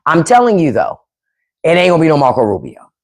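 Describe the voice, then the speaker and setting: Woman ranting on a live stream, lowish voice that jumps all over, keeps repeating herself. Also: wildly swooping pitch, quick pace. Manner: emphatic, repeats points, talks to chat; profane, opinionated. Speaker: podcast host on a live stream. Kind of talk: casual livestream commentary.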